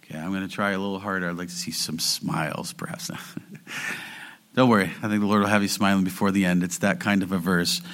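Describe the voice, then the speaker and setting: Bright-voiced middle-aged male pastor. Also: sits low, steady tone, fairly quick. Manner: breaks into singing the verse; chatty and joking with the congregation. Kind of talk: sermon.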